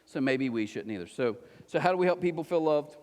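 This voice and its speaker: A man preaching a conversational sermon who acts out little scenes in quick put-on voices. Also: fairly high pitch, lively intonation, a little mellow. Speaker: pastor. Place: church auditorium. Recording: long hall reverb.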